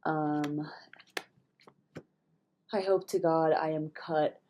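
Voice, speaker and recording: A young woman with a low voice talks in a loose, rambling way, stuffed up and worn out from a hangover. She swears without a second thought, and now and then her voice falls to a whisper. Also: steady tone, extremely slow, dull audio, a little hiss or hum. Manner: rambling and candid, swears freely, with sudden whispered asides. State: hungover and stuffy-nosed. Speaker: vlogger. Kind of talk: casual spiritual vlog monologue.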